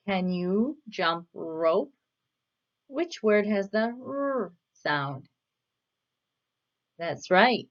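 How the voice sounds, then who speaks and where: A woman teaching a children's phonics lesson, saying words clearly and asking patient questions. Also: mid-range voice, very animated, muffled recording. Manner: patient, asks questions and pauses for answers. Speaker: reading teacher.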